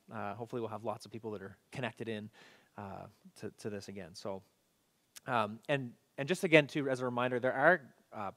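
A man preaching an online church sermon in a relaxed, conversational way, with frequent fillers and restarts. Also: mid-range voice. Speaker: pastor. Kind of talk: casual online sermon and prayer.

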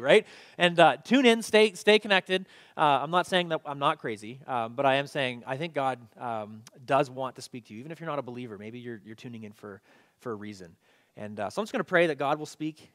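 A man preaching an online church sermon in a relaxed, conversational way, with frequent fillers and restarts. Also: medium pitch, fast talker. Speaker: pastor. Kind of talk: casual online sermon and prayer.

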